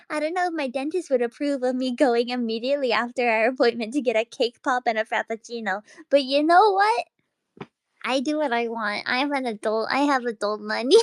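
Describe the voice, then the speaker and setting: A woman streamer chatting casually late at night, rambling excitably and laughing often. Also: high-pitched, no echo.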